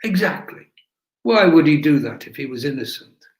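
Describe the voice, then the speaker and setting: A man's voice: a little high, animated, normal speed, close to an everyday voice. A man voicing a blunt, fierce young woman activist who explains things plainly. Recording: echoey room.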